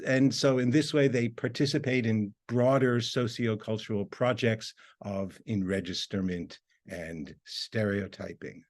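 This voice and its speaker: A man giving an academic video lecture as a university lecturer, explaining in a measured way. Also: mid-range voice, darkish tone.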